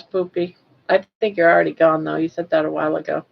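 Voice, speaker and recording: A woman's voice: low-pitched, fairly even intonation, quick pace, creaky. An older woman hosting a casual livestream, cooing baby talk at her pet. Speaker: livestream host. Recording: dull lo-fi livestream audio.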